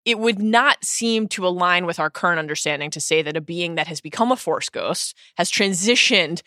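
Co-host, woman, bright bubbly delivery, dry close studio sound. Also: on the low side, expressive, dry recording. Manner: bubbly, laughs often, quick bursts. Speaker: podcast co-host. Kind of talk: casual podcast chat.

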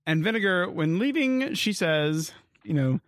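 A man hosting a podcast, talking in an animated, chatty way with quick laughs, recapping an episode casually. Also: high-pitched, no echo, clean studio sound. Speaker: podcast host.

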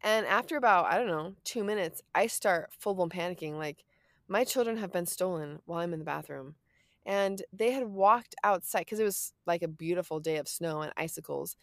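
A young adult woman co-hosting a casual chat show, telling stories in an animated way with lots of fillers. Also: lowish voice, moderate pace, dry recording, clean studio sound. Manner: animated, filler-heavy storytelling. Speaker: podcast co-host.

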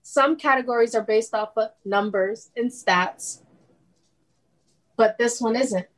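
A woman's voice: a little high, slow pace, fairly bright tone, low-quality recording. A woman co-hosting a casual sports podcast, ranting heatedly about an award and laughing between points. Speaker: podcast co-host.

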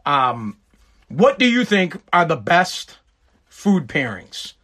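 A man's voice: on the high side, very animated, slow, bright, forceful tone. A man with a Massachusetts accent hosting a show, ranting bluntly and with lots of profanity in casual commentary. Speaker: podcast host.

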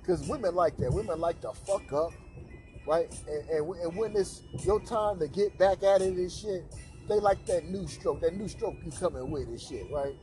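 A man's voice: sits high, normal speed, over music. A man hosting a podcast, telling a crude anecdote in a profane, slangy way with lots of repeated filler tags. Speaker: podcast host.

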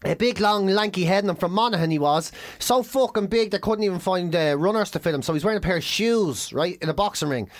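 An Irish man, a comedian, telling a story in casual podcast chat, animated and swearing, often laughing as he talks. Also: sits high, a little fast, hardly any pauses, no echo. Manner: animated, laughing, heavy swearing, acts out shouts.

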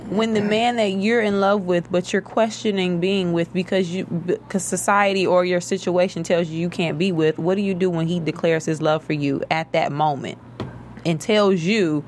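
A woman's voice: on the low side, fairly even intonation, moderate pace, a little mellow, slight background noise. A woman co-hosting a casual chat, earnestly retelling a TV scene in detail.

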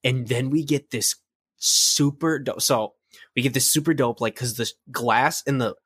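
A man's voice: medium pitch, unhurried, breathy edge, no room sound. Rambling young man on a dry mic. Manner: excited, rambling retelling full of "like". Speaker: podcast co-host. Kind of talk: casual fan chat.

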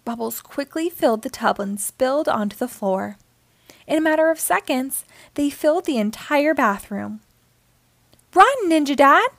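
Animated high-voiced woman reading aloud. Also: moderate pace, gravelly, no echo. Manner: expressive, animated storytelling. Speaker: storytime host. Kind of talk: children's book read-aloud.

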